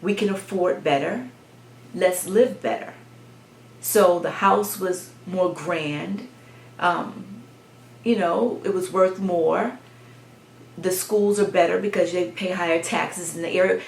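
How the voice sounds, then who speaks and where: A woman with a slightly low voice tells a story from her own childhood to the camera. She talks in a reflective way, pausing and restarting as she remembers. The room around her is echoey. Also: creaky, slight background noise. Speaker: vlogger. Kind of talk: personal storytelling.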